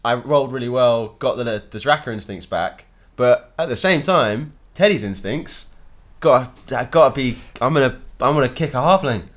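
A man's voice: mid-range voice, moderate pace. A man joking as a player in a tabletop game. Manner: joking, animated.

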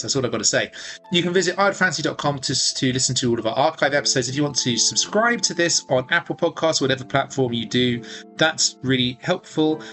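A man narrating as game master and hosting the podcast, an animated storyteller who acts out sound effects. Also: medium pitch.

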